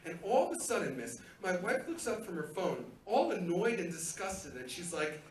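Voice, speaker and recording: A middle-aged man doing a live stand-up set on a club stage, with loud, rowdy crowd work and squealing high put-on voices. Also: big pitch swings, moderate pace, few pauses. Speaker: stand-up comedian. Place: comedy club theater stage. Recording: roomy live theater sound from a distance.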